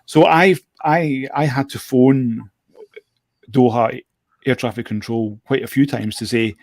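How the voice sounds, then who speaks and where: A man's voice: medium pitch, a little slow, dry recording, studio quality. A man, a guest drone show operator, telling stories in casual chat, often repeating his words and laughing as he talks.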